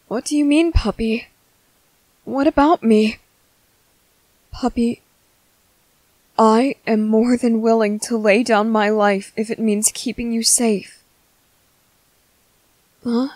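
A woman voicing a tender young man comforting his partner in a whispered role-play, speaking softly, slowly and reassuringly. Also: a little high, steady tone, no room sound, rough recording. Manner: soft, slow, reassuring.

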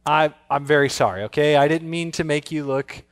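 A man's voice: fairly high pitch, fairly even intonation, brisk. A man hosting an online kids church show from a theater stage, upbeat and playfully teasing. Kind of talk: presenting to children.

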